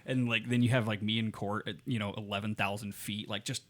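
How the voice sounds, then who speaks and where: A man's voice: fairly low pitch, fairly even intonation, brisk. A man who grew up around Las Vegas, co-hosting a podcast in casual chat, joking crudely and swearing often. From Las Vegas area, United States. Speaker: podcast co-host.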